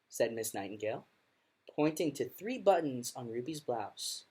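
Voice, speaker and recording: A woman music teacher reading a children's picture book aloud to her class in an expressive storytelling manner. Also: extremely low pitch, moderate pace, breathy edge.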